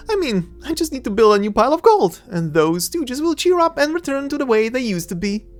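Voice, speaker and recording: A woman's voice: high-pitched, very animated, brisk, soft background music. A woman playing a cocky, teasing adventurer-thief. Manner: playful, mocking, laughs often. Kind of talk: fan audio drama voice acting.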